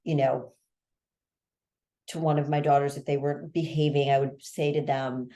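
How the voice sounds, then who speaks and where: A woman's voice: low-pitched, steady tone, normal speed, long pauses, a little mellow. A woman in her fifties co-hosting a podcast, chatting casually and emphatically about a TV episode. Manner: chatty, emphatic, restarts often. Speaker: podcast co-host. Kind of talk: casual recap chat.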